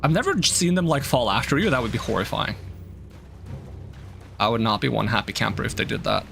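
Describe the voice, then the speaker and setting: A man streams a video game, chatting playfully and teasing the enemies on screen. His pitch jumps around a lot. His voice has a bright, forceful tone with a gravelly fry, and game music plays faintly behind him. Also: lively intonation, fairly quick. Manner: playful, jokey, talks to enemies and himself. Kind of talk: live gameplay commentary.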